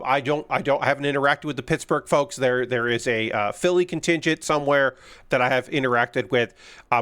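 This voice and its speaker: With a smooth, mid-range, fairly bright voice, a man hosts a live stream and drifts through casual stories, dropping frequent ums and uhs along the way.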